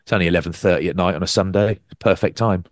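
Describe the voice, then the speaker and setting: Lively man telling stories. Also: fast talker, dry recording, clean studio sound. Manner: animated storyteller, acts out quotes with big pitch jumps. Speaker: podcast co-host and rugby commentator. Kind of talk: casual chat.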